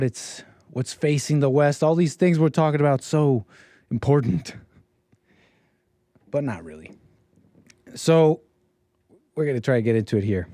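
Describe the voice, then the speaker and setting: A man's voice: mid-range voice, a little mellow, dry recording, clean studio sound. Rambling sarcastic male stream host. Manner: rambling and sarcastic, with self-corrections and laughs. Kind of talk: casual livestream monologue.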